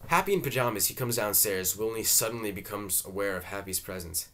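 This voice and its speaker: Brief: a man with a low voice reading stage directions, steady and plain. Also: a little fast. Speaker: reader. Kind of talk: dramatic play reading.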